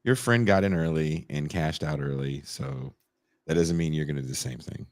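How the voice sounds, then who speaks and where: A man co-hosting a podcast in casual chat, bantering in a wry, expressive way. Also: a bass voice, normal speed. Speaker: podcast co-host.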